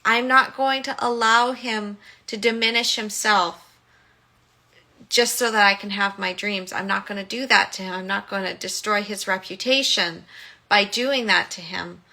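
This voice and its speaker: A woman lightly voicing a gentle, agreeable young heroine while retelling a film, in a quick, mild way. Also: mid-range voice. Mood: resigned.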